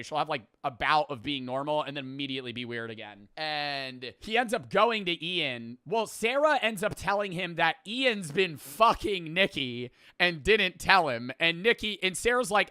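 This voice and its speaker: A man's voice: a little high, lively intonation, normal speed, few pauses, bright, forceful tone, smooth, dry recording, studio quality. A young man casually recapping a movie plot, rambling and profane, laughing at the wilder parts.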